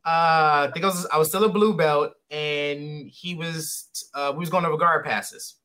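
A man hosts a relaxed podcast conversation in a bright, forward voice that sits a little high. He rambles through his stories, full of fillers and restarts. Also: normal speed. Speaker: podcast host. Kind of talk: casual interview chat.

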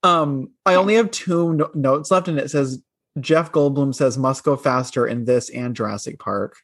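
A man's voice: mid-range voice, moderate pace, fairly bright tone, no room sound, studio quality. A man co-hosting a podcast, chatting casually about a film and laughing easily. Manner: chatty, giggly, reads a film speech aloud in a mock-solemn tone. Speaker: podcast co-host.

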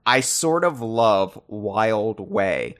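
A man co-hosting a podcast in casual chat, animated and thinking aloud, often restarting and repeating words. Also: drawn-out words. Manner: animated, puts on a loud booming trivia voice. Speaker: podcast co-host.

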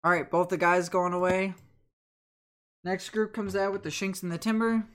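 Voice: mid-range voice, steady tone, normal speed, a bit bright. A game master narrating a tabletop game in a casual, chatty way full of fillers.

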